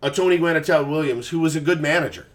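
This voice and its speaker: A man in his forties in casual chat as a podcast guest, an animated storyteller who swears freely and acts out quotes. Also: a little high, fast talker, a crowd in the background.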